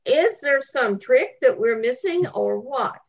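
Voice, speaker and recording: A woman's voice: high-pitched, animated, slow pace, vocal fry, highs cut off. A woman calling in with a question, sounding frustrated and talking in long run-on sentences. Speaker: caller. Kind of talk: call-in question.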